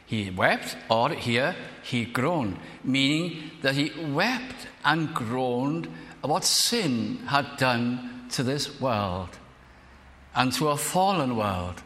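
Older preacher, bright voice in a hall. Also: male voice, mid-range voice, expressive. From South Wales. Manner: earnest, measured preaching that slows to dwell on phrases. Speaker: minister. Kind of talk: sermon. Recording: reverberant hall.

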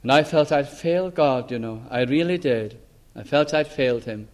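An older man from Wales giving an earnest sermon testimony, pleading with his hearers and dropping to a hush on solemn words. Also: mid-range voice, normal speed. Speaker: preacher.

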